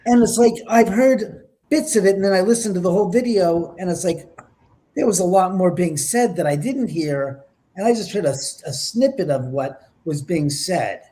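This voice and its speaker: Animated higher-voiced man telling stories. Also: normal speed. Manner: lively, acts out quotes with whispers and exclamations. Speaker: paranormal investigator guest. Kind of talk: animated storytelling in an interview.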